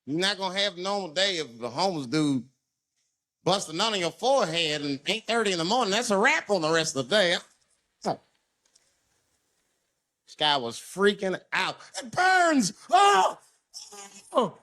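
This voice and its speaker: A man doing stand-up, telling a profane story in a high voice that swings up and down. His tone is bright and sharp, and he acts out everyone's voices as he goes. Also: a little fast. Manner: animated storytelling, acting out people's voices; profane and conversational. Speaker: stand-up comedian. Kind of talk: stand-up comedy routine.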